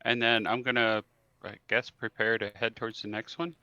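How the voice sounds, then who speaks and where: Player, man, bright forceful tone, hesitant, dry dull mic. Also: on the low side, little pitch movement, moderate pace, smooth, dry recording. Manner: hesitant, lots of restarts. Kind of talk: casual tabletop game play.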